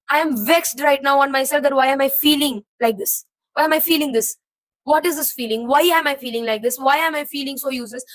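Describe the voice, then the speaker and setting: A woman's voice: sits high, poor audio. A young woman talking to her viewers, venting her jumbled thoughts in a rambling, confused and frustrated way while feeling emotionally heavy. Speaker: vlogger. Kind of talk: personal venting to camera.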